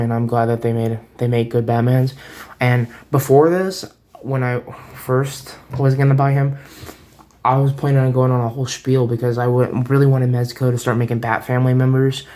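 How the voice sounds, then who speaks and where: A man's voice: medium pitch, level tone, moderate pace, darkish tone. A man giving a casual toy review at home, chatty and rambling, often restarting his sentences, recorded on a camera set on a table. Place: home room.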